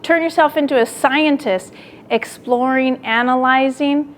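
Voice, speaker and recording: Woman lecturing with animated storytelling. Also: high voice, measured pace, a little hiss or hum. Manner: animated storytelling, acting out her own quoted lines; asks the audience direct questions. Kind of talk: classroom lecture with personal story.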